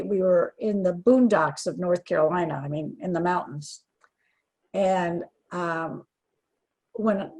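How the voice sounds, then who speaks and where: Older woman, husky voice, earnest, heartfelt, guest talk. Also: lowish voice, a little mellow, poor audio. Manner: earnest, heartfelt, restarts and trailing pauses. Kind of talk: emotional personal interview.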